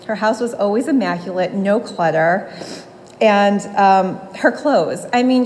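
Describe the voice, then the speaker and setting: A woman's voice: mid-range voice, darkish tone, a little hiss or hum, rough recording. Woman in her 40s doing a eulogy at a funeral home mic, fond storytelling, little laughs. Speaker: granddaughter giving a eulogy.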